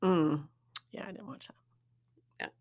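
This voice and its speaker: A woman's voice: on the low side, slow, highs cut off. A woman co-hosting a podcast, guessing at movie quotes casually and thinking aloud with hesitant ums. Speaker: podcast co-host. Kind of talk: casual movie-trivia chat.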